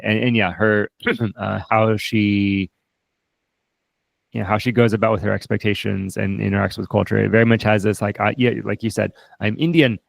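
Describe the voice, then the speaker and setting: A man's voice: fairly low pitch, level tone, moderate pace, creaky, no room sound. A man co-hosting a casual film discussion, thinking aloud and often restarting his sentences. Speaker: co-host, film reviewer.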